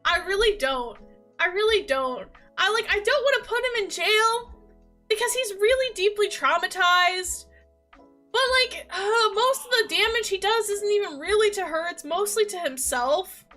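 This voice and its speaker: A woman livestreamer in casual chat, recapping a game in a rambling, animated way with lots of filler words. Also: extremely high pitch, normal speed, soft background music.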